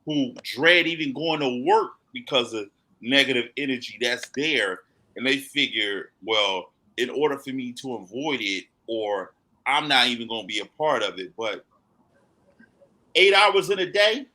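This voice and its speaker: A man's voice: medium pitch, lively intonation, unhurried, pushed and bright, low-quality recording. A man on a podcast giving earnest, motivational advice in casual talk.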